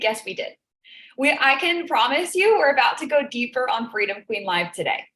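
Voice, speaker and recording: This woman has a high, animated voice at a moderate pace with a fairly bright tone. Hosting a live business coaching stream from an echoey room, she gives an earnest, emotional motivational talk, repeating phrases to stress them.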